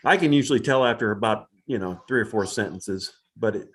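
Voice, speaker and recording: A man's voice: lowish voice, fairly quick. A man chatting casually on a livestream, hesitant and often repeating his words. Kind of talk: casual chat.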